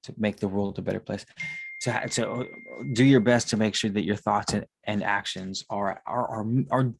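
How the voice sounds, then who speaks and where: A man's voice: lowish voice, steady tone, moderate pace, gravelly, a little hiss or hum. A man in his thirties, a tarot reader, talking in a casual, rambling monologue and swearing often. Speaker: tarot reader and spiritual consultant.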